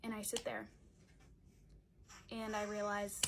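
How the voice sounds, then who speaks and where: A woman's voice: a little high, measured pace, pauses often, slight background noise. Chatty young woman telling a storytime. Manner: chatty, heavy use of "like" fillers; dramatic, animated retelling. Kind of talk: casual storytime vlog.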